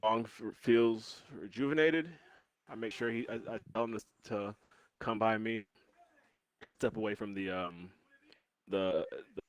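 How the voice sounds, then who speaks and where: A man plays a tabletop game over a call, hesitant and full of ums as he works out his turn. His voice sits on the low side and sounds dry and close. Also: measured pace, long pauses, dry recording. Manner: hesitant, lots of ums and restarts. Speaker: player. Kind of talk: casual game chat.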